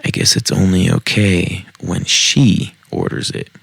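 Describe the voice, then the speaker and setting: Low gravelly man reading stories. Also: measured pace, a bit bright, dry recording. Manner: wry, profane asides. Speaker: podcast host reading Reddit stories. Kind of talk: casual storytime reading. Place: home basement.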